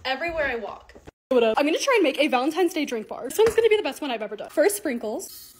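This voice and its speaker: Bubbly, fast-talking young woman. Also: high-pitched, big pitch swings, a little hiss or hum. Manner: gushing, upbeat, chatty. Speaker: lifestyle content creator. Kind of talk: casual vlog voice-over. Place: home rooms.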